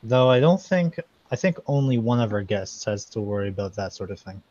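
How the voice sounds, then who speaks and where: A man's voice: fairly low pitch, lively intonation, a little fast, darkish tone, no echo. A man playing a tabletop game as a senator character, casual and dry-humored. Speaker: player. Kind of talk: in-character role-play chat. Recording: dull, lo-fi mic, dry.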